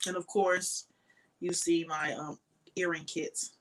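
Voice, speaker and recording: A woman's voice: fairly low pitch, flat delivery, takes it slowly, low-quality recording. A tired woman hosting a casual crochet live stream, chatting in a rambling way and thanking viewers by name.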